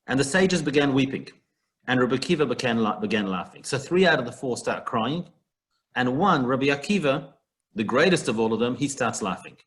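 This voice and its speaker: A man's voice: mid-range voice, animated, brisk. A man teaching a Talmud passage in an online class, talking it through in a conversational way with everyday comparisons, heard over a video call. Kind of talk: online text study class.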